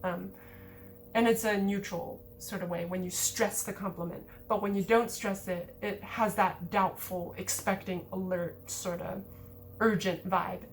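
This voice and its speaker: A woman giving a relaxed, conversational language lesson, explaining grammar points with lots of casual filler words. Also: mid-range voice, unhurried, slight background noise. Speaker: language teacher.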